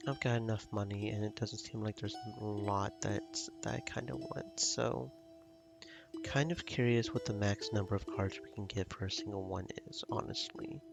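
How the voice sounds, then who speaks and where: A man's voice: fairly low pitch, moderate pace, vocal fry, music in the background. A man streaming a video game, thinking aloud in casual, rambling commentary. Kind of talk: casual let's play commentary.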